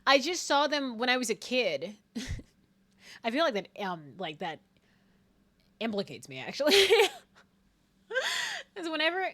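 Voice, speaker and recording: A woman's voice: fairly high pitch, big pitch swings, measured pace, long pauses, a bit bright. A young woman streaming a game, chatting casually, laughing often and swearing freely.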